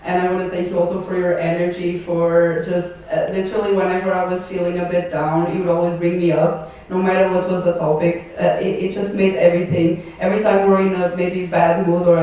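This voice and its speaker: This young Portuguese woman has a lowish, warm voice and speaks her native language. Stepping down from the board, she gives an emotional, wandering farewell in which laughter punctuates her thanks. Recorded at a distance in a large, echoey event hall, with a little background noise.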